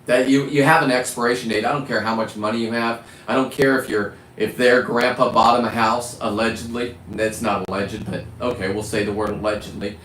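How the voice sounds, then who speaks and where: A man's voice: mid-range voice, fairly even intonation, fairly quick, few pauses, fairly bright tone, echoey room, slight background noise, poor audio. A middle-aged man hosting a live stream, ranting in a blunt, profane, rambling way. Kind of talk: casual live-stream rant.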